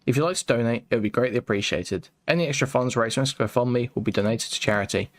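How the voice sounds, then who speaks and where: Man, video commentary narration, measured pace, hesitant fillers, mid-range voice. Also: medium pitch.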